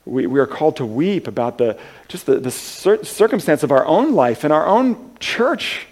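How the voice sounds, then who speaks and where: A man preaching a sermon in an earnest, halting way, with many restarts, moving between soft and loud passages. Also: fairly high pitch, big pitch swings. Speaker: pastor.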